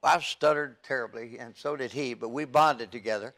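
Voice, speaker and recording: An older man and youth evangelist giving an earnest, halting testimony from the pulpit, with frequent stammers and restarts. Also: mid-range voice, a bit bright. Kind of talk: testimony sermon.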